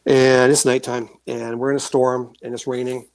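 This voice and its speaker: A man telling his own experiences as a guest in a casual interview, animated and acting out voices and sounds. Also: medium pitch, moderate pace, dry recording. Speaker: guest, author and paranormal experiencer.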